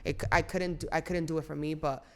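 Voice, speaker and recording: A woman co-hosting a casual podcast chat, listening supportively and sharing her own experience haltingly. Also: deep voice, flat delivery, darkish tone. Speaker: podcast co-host.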